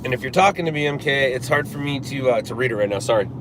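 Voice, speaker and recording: A man's voice: medium pitch, fast talker. A man in his forties hosting a live stream from a car, chatting casually and rambling, with many fillers and restarts. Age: 40s. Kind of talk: casual chat. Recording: traffic noise behind.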